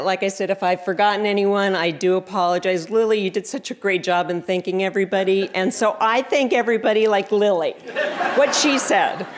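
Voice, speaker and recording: A woman's voice: lowish voice, clean tone. Woman giving a wry acceptance speech. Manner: sarcastic, self-deprecating humor. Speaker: award recipient giving thanks. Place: library reception room.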